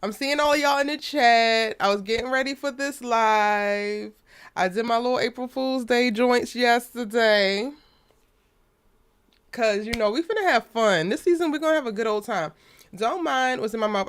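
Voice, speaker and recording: A woman's voice: on the high side, moderate pace, clean tone. Chatty woman hosting a live stream. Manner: animated, chatty, greets viewers. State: recovering from lost voice. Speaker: host.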